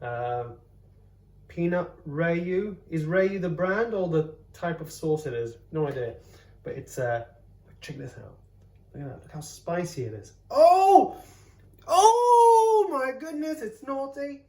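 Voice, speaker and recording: A man hosting a casual cooking vlog from his home kitchen, joking around and exclaiming loudly as he tastes. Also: on the high side, unhurried, creaky. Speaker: host, comedian cooking at home. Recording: roomy kitchen sound. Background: faint background music.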